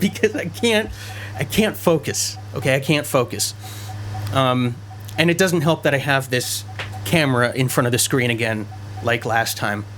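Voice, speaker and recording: A man giving rambling, self-mocking commentary over a game he plays at home, often stumbling over his words. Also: mid-range voice. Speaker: let's-play gamer. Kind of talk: casual gameplay commentary. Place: messy room at home. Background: loud car and game sounds.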